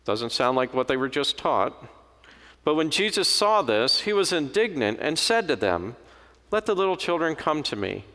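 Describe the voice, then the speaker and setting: A man's voice: a little high, very animated, normal speed, a bit bright. A man preaching a sermon in a conversational, storytelling manner. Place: church. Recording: long hall reverb.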